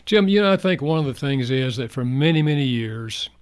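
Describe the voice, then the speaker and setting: An older man, a guest author, telling personal stories in an earnest, heartfelt way, going soft in emotional moments. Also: mid-range voice, lively intonation, brisk, clean tone, dry recording. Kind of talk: reflective personal storytelling.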